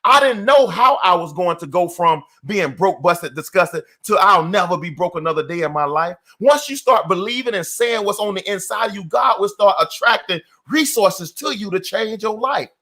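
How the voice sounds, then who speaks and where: A man's voice: high-pitched, animated, normal speed, hardly any pauses, bright, forceful tone. A middle-aged man giving a motivational talk in an emphatic, repetitive, preacher-like cadence. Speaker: motivational speaker.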